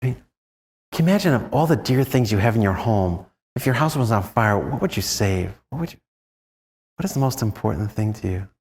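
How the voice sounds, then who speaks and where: A Jesuit priest giving a rambling, chuckling retreat talk, telling anecdotes and asking the group questions. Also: male voice, on the low side, animated, a little fast, a little mellow. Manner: rambling, chuckling storyteller who asks the audience questions. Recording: long reverb in a large room.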